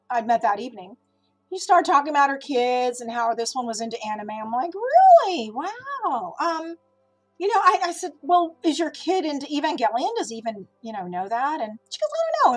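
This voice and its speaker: Woman voice actor, high voice, excited anecdote, soft music behind. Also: rough recording. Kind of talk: casual storytelling.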